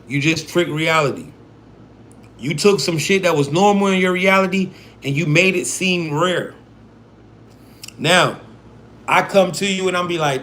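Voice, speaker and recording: A man's voice: high voice, a little slow, pauses often, fairly bright tone, a little hiss or hum. A man giving a casual, profane livestream talk on a mindset program, often checking in with "right?" and "bro".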